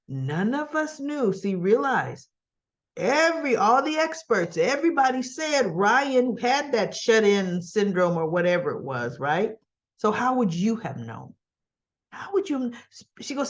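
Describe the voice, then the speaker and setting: A woman's voice: mid-range voice, sing-song, a little slow, highs cut off. A woman casually recapping a soap opera episode, chatty and laughing often as she acts out the characters' lines.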